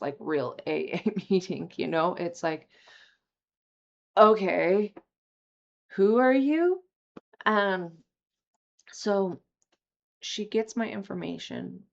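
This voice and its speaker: A young woman candidly telling a personal recovery story, emotional and quick to swear. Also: on the low side, creaky. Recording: slightly dull lo-fi audio.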